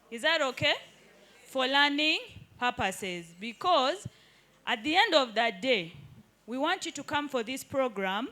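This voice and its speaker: High-voiced, slow-paced woman trainer. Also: pushed and bright. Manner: interactive, keeps checking understanding with the group. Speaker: digital skills trainer. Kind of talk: live hands-on workshop teaching. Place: indoor training room with participants at tables.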